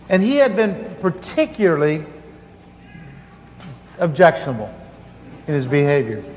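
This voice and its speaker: Male pastor, high voice, earnest storytelling sermon with restarts, conference hall echo, faint hiss.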